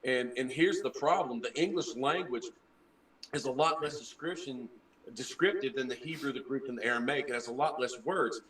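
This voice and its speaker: Earnest former preacher explaining scripture. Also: male voice, mid-range voice, moderate pace, a bit bright, reverberant, distant mic, low-quality recording. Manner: earnest, explanatory, restarts words. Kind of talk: casual group chat.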